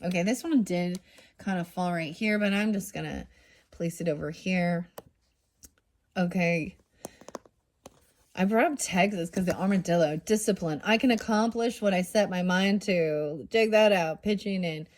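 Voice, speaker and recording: Chatty woman reading cards, lower voice. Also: unhurried. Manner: rambling, chatty, says "dude" and "you know". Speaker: tarot card reader. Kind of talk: casual card-reading chat.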